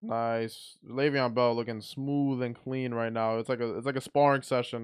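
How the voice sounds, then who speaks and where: Smooth-voiced man calling a fight live. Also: mid-range voice, moderate pace, hardly any pauses. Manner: excitable, blunt play-by-play with frequent restarts. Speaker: watch party commentator.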